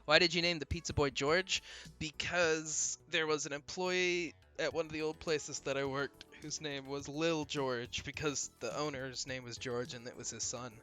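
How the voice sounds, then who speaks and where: Bright-voiced young man rambling over gameplay. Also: a little high, steady tone, moderate pace. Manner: rambling, profane, laughs easily. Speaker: gameplay commentator. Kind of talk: casual let's-play commentary. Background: faint game music.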